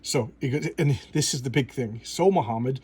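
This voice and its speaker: A man talks through a comic book review in a loose, rambling way, stumbling over restarts and chuckling as he goes. His voice has a husky, slightly raspy grain at a middling pitch. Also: fairly even intonation, moderate pace, darkish tone. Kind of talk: casual spoken comic review.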